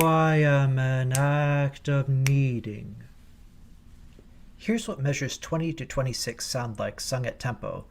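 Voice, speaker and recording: A man's voice: medium pitch, slight background noise. A man coaching choir singers in a recorded rehearsal lesson, explaining diction precisely and patiently.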